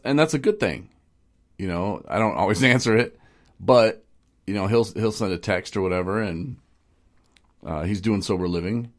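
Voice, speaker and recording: Deep-voiced man rambling and joking. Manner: rambling, joking, many restarts. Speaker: podcast host. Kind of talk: casual podcast chat.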